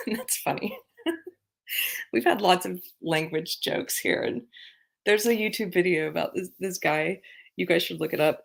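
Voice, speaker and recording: A woman's voice: fairly low pitch, vocal fry. A woman hosting a casual livestream, chatting and reading viewer comments aloud with frequent laughter. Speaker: livestream host. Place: abroad on a trip.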